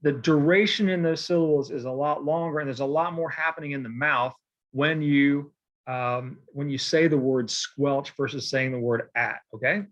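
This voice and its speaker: A man gives a recorded poetry lecture in a loose, conversational way. His voice sits a little high for a man, and he keeps checking in with his listeners as he goes. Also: normal speed, a bit bright, muffled recording. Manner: casual and digressive, with many fillers and "okay?" check-ins. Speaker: poetry teacher.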